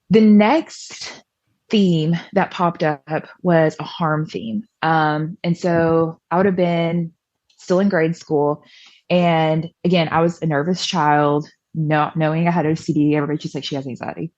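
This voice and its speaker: A young woman tells her story casually, leaning on fillers and acting out what others said. Her voice sits on the low side. The recording is dry and a little dull. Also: measured pace, a little mellow, no echo. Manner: chatty, many fillers, acts out quoted voices. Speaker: podcast guest.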